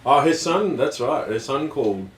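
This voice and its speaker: A man's voice: medium pitch, normal speed. A man co-hosting a live stream, chatting casually and reading out viewer names. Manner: relaxed, reads out viewer greetings. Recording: echoey room, distant, noisy.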